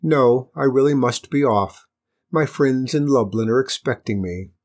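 Man voicing a polite, calm stranger. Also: medium pitch, a little slow, natural voice. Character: smooth, polite male traveling stranger. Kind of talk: storybook reading.

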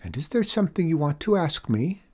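A man reading a storybook aloud, voicing a shy, tearful female moose in a soft, raised voice. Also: a little high, big pitch swings, fairly quick, slightly rough, pitched above the performer's own voice. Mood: tender.

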